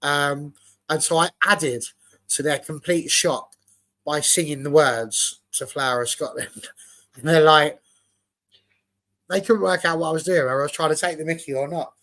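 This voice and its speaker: A man's voice: fairly high pitch, normal speed, long pauses, bright, forceful tone. A man from England hosting a casual football chat show and telling a long story. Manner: storytelling, chatty. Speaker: show host.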